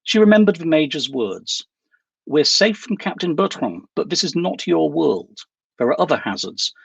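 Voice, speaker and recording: A man, an author, reading aloud from his own novel in a steady, measured way. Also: medium pitch, vocal fry, slightly rough, no room sound, low-quality recording.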